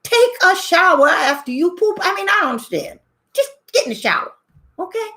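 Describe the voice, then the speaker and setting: A woman's voice: very high voice, big pitch swings, brisk, sharp tone. An older woman hosting her channel, talking casually from home in an emphatic, preachy way and laughing often. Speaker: channel host. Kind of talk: opinionated casual talk.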